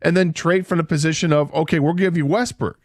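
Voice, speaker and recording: A man's voice: a little high, steady tone, quick pace, no echo, studio quality. A man co-hosting a sports radio show, laying out his case with emphatic, repeated points. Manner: emphatic, builds points with repetition. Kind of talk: sports talk radio banter. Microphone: studio broadcast mic.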